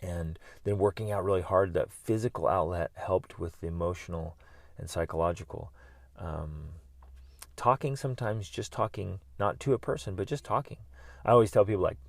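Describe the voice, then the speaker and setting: With a low, gravelly voice at a moderate pace, a middle-aged man delivers a solo motivational talk on his podcast. The life coach encourages listeners earnestly to work through pain, breaking into loud yelling at times, on a dry recording.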